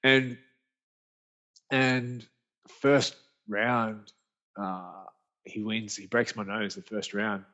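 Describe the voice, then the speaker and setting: A low-voiced Australian man, an author and speaker, tells a story as a podcast guest, speaking very slowly with long pauses. His style is animated, rambling and slangy, and he often restarts. The recording is dull lo-fi podcast audio.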